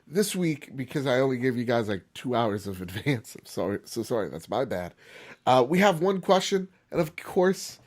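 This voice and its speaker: A man's voice: mid-range voice, very animated, moderate pace. A man hosting a gaming podcast, chatting casually, rambling and laughing often. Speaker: podcast host.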